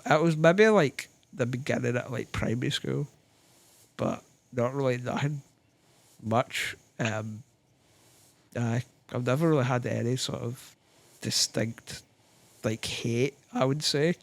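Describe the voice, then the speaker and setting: A Scottish man talking as a podcast guest in a studio. He works his thoughts out slowly as he speaks, filling the gaps with likes and ums. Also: medium pitch, gravelly, dry recording. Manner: thoughtful, hesitant, many fillers. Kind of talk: casual chat.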